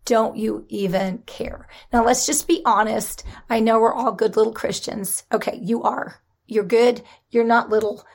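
A woman preaching a sermon in an animated, conversational way, with dramatic emphasis and laughter. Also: on the high side, moderate pace, creaky.

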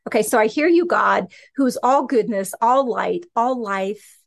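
A woman teaches scripture on her podcast in a relaxed, conversational way. She talks with animated energy and keeps checking in with her listeners. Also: fairly high pitch, unhurried, gravelly. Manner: animated, conversational, frequent "okay" and "right". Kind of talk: casual Bible teaching.

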